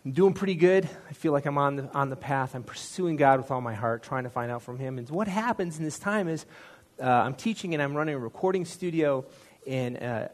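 Man, mid-pitched, sharing his faith story from the pulpit; earnest, chatty, pokes fun at himself. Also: animated, fairly quick. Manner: earnest, conversational storytelling with self-deprecating asides. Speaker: church speaker sharing a testimony. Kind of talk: personal testimony in a sermon.

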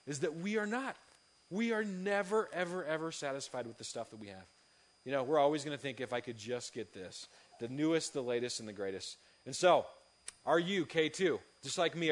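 A man, a youth pastor, giving a sermon full of lively, funny personal stories. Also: a little high. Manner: lively storytelling, animated and humorous.

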